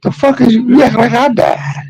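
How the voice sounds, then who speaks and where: A man's voice: very high voice, fairly even intonation, a little fast, darkish tone, husky, dry recording, voice pushed up, exaggerated voice, poor audio. A man voicing his blunt, exasperated older mother, who scolds him in disbelief. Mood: scolding. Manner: incredulous, scolding.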